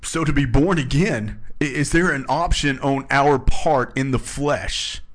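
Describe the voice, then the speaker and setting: A man's voice: mid-range voice, a little slow. A man leading a casual scripture discussion, reading verses aloud and explaining them in an earnest, emphatic way. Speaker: Bible study discussion leader.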